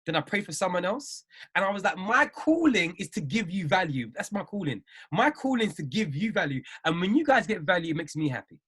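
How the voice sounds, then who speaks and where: A man's voice: high-pitched, very animated, fairly quick, fairly bright tone, slightly rough. A man giving an emphatic, repetitive motivational live-stream talk as a trading mindset coach. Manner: emphatic, repeats phrases, preachy.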